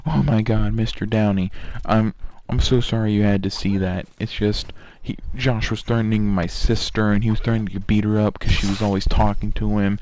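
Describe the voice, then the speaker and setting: Dude doing a whiny teen bully begging his teacher, low-ish voice. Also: little pitch movement, normal speed, few pauses, a little mellow, a little hiss or hum, lightly acted. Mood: whining. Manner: pleading sob story. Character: whiny teenage boy bully.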